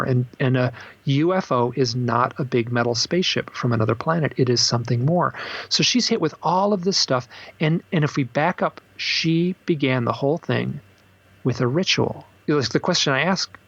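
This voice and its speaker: A man's voice: normal speed, creaky, dry recording, highs cut off. A man being interviewed as an author, telling stories at length and acting out what people said. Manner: animated storyteller, acts out quotes with bursts of high pitch. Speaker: author and guest. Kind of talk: storytelling in a podcast interview.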